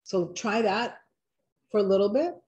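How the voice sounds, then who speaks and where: A woman with a medium-pitched, animated voice and a darkish tone, its highs cut off, hosts a live online wellness workshop. She chats with viewers and encourages them through simple relaxation exercises, slowing down as she guides each step.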